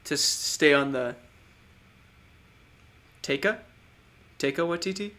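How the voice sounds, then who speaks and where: A man's voice: a little high, lively intonation, slow pace, sharp tone. A man co-hosting a podcast, chatting casually about movies, rambling, trailing off and laughing often. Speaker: podcast co-host.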